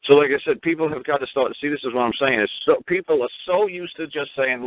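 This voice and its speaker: A radio talk show host from Brooklyn, New York, with a fairly high voice, talks fast with hardly any pauses while hosting a call-in show. He rants in a rambling, profane way, repeating himself. There's no room sound, and the audio is tinny, like phone-line radio.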